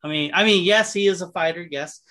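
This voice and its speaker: A man's voice: high voice, fairly quick, sharp tone. A man in casual podcast chat, telling a rambling, profane anecdote and acting out the people in it. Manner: rambling, profane, acts out voices in his anecdotes.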